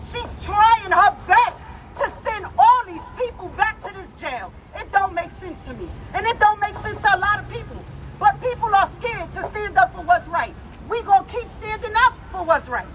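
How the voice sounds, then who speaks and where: A grieving mother with a New York accent gives a raw, emotional protest speech at an outdoor city rally. She rises to shouts and chokes up. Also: very high-pitched, lively intonation, normal speed. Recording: noisy outdoor rally with crowd. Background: crowd and street traffic.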